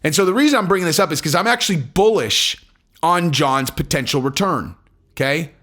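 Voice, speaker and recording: A man in a casual commentary vlog whose slightly high voice swings freely up and down as he talks. He rambles, restarts and swears bluntly, keeping it loose and conversational. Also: fairly quick. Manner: animated, rambling, acts out quotes in other voices; blunt and profane. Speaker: MMA commentator.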